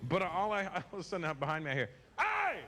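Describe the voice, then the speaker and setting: A man from Canada doing a stand-up comedy set, profane and animated, acting out voices. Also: fairly high pitch, racing, a little hiss or hum. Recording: stand-up audio under loud music.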